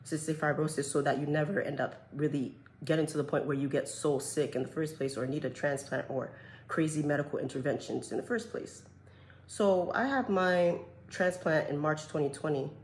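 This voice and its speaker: Young adult vlogger, chatty and frank, lots of "like" and "you know", mid pitch, faint noise behind. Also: low-quality recording. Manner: chatty, frank, many fillers and self-quotes. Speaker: vlogger sharing a health journey. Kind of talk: candid storytelling to camera.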